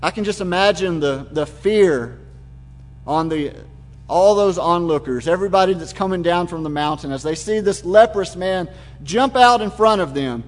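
A man's voice: high-pitched, moderate pace. A man preaching a sermon, retelling the scene in vivid, imaginative detail. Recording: long hall reverb.

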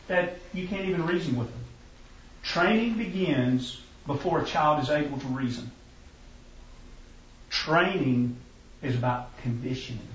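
A man preaching in a relaxed, folksy storytelling style. His voice sits a little high, and the sound is muffled, as if the mic is far away. The room around him is echoey. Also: a little hiss or hum. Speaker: preacher teaching a parenting class. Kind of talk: sermon.

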